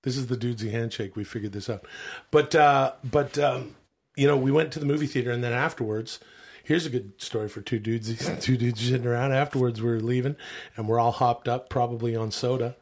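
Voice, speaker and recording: A man from Canada, co-hosting a comedy podcast in loose, rambling banter, a bit hoarse and quick to swear. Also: medium pitch, a little mellow. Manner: rambling, profane, restarts his stories. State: slightly hoarse. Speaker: podcast co-host.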